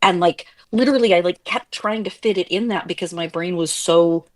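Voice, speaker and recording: Chatty low-voiced woman co-host. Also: brisk, a little mellow. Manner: chatty, filler-heavy, self-deprecating. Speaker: podcast co-host. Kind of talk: casual chat.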